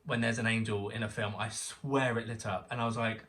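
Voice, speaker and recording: Young man, animated storyteller, chatty guest, set back from the mic. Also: on the low side, a little fast, distant mic. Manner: excitable, animated storyteller who acts out quotes. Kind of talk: casual storytelling chat.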